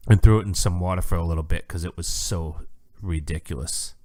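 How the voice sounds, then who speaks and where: Deep-voiced man telling a story, dry sound. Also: brisk, dry recording. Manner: animated storyteller, acts out waiters' lines. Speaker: podcast co-host. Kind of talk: casual chat.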